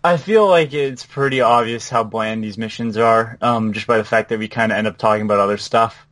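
A man in casual podcast chat about a video game, halting and full of fillers, laughing now and then as he tells stories. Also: fairly low pitch, a bit bright. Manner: halting, lots of fillers and restarts, laughs while telling.

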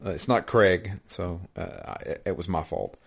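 A man with a slightly low voice chats easily on a podcast, rambling and correcting himself as he goes. He talks like a friend going over the games he's been playing, loose and unhurried. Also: animated, creaky, breathy edge. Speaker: podcast co-host. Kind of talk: casual chat about video games.

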